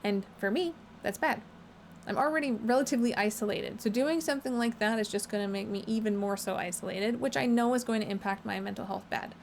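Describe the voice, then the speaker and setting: A woman hosting a casual update vlog from home, talking fast and chatty, often rephrasing herself. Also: a little high, gravelly, slight background noise. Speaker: channel host.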